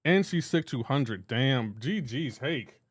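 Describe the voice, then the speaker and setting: A man's voice: medium pitch, animated, takes it slowly. A young man live-streaming a game, chatting casually with his chat and teasing them in playful banter. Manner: teasing, banter-heavy, breaks into laughter.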